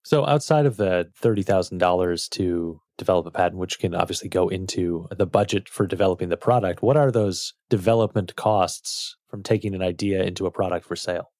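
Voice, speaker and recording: A man's voice: deep voice, fairly quick, hardly any pauses, darkish tone, no room sound, studio quality. A man hosting a podcast, asking questions with hesitant restarts. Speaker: podcast host.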